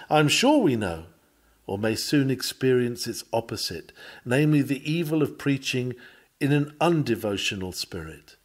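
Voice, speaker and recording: A man's voice: mid-range voice, darkish tone. A man reading an old sermon lecture aloud, with a solemn, earnest preaching cadence.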